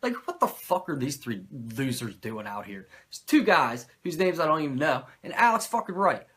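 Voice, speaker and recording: A man hosting a podcast, recapping a show in animated, profane, sarcastic casual chat. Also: mid-range voice, moderate pace, few pauses, breathy edge. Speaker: podcast host recapping wrestling.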